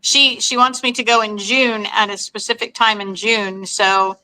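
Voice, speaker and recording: A woman's voice: medium pitch, fairly even intonation, a little slow, clean tone, low-quality recording. A woman guest in a casual chat, often reacting with short exclamations and speaking with hesitant fillers. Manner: warmly responsive, hesitant fillers.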